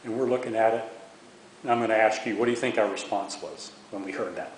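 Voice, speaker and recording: A man's voice: on the low side, fairly even intonation, fast. A man in his sixties, a veteran, recounting memories in an oral history interview, often stumbling and repeating words. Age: 60s. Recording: echoey room with faint hiss.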